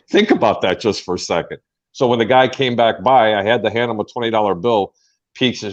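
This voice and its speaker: Man, low voice, animated storyteller, dull lo-fi audio. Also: quick pace. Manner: animated storyteller, acts out quotes. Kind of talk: casual storytelling on a sports talk show. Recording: dull lo-fi sound.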